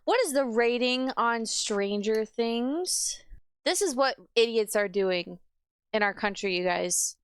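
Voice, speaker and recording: A woman's voice: on the high side, animated, takes it slowly, clear, resonant tone, no room sound. A woman hosting a reaction video, ranting with sarcasm and frequent swearing. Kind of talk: ranting commentary.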